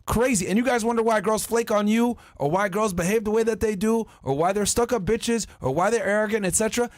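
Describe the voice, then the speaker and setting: A man's voice: sits high, fast talker, no room sound, studio quality. A man hosting a podcast, ranting and swearing as he reads out messages. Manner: profane, animated ranting while reading texts aloud. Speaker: podcast host. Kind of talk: casual podcast commentary.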